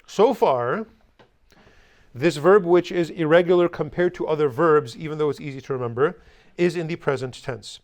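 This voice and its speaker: A man's voice: fairly high pitch, normal speed. A male language teacher giving a classroom lesson, blunt and teasing, leading the class in drills.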